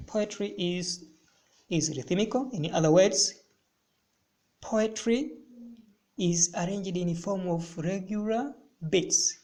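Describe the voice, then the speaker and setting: A man teaching a recorded literature lesson, explaining slowly and deliberately and repeating phrases for emphasis. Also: high-pitched, a little mellow.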